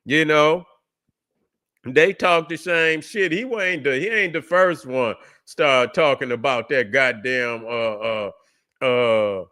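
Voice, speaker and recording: A man's voice: mid-range voice, slow pace, bright, forceful tone. A man hosting a livestream, loose and profane, mocking, with many fillers and restarts. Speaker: livestream host. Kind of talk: casual ranting commentary.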